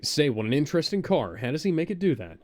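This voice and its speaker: A man reads the narration of a retro computer game and tosses in wry, relaxed remarks, like a live streamer at home. His voice sits on the higher side for a man. The close microphone gives a dry sound with no room echo. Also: fast. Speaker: let's play streamer. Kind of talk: reading game text aloud and commenting.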